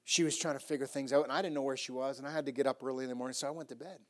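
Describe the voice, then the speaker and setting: A middle-aged man pastor telling a story in a sermon, animated and rising to loud emphatic bursts, often repeating and restarting phrases. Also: medium pitch, racing.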